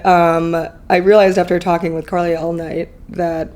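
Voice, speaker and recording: A woman's voice: fairly low pitch, level tone, normal speed, darkish tone. A woman in her thirties, a podcast guest, telling a personal story candidly in a chatty, emotional way full of fillers.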